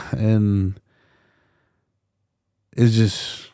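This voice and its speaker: A man's voice: lowish voice, completely flat delivery, takes it slowly, pauses often, warm tone, smooth, no room sound, studio quality. A young man hosting a solo podcast, rambling passionately with lots of fillers, restarts and swearing. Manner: swears often. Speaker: podcast host.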